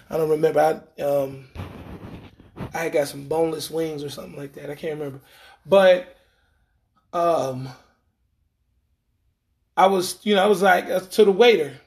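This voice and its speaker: High-voiced man telling a rambling story. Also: vocal fry. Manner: rambling, animated, acts out quoted lines; frequent fillers and restarts, slangy. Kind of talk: casual storytelling monologue.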